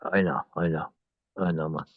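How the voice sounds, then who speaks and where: A man's voice: a bass voice, fairly even intonation, moderate pace, slightly rough, no echo, phone-quality sound. Erratic swearing man on a phone. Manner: erratic, swinging from loud outbursts to whispers; swears a lot. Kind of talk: rambling casual chat.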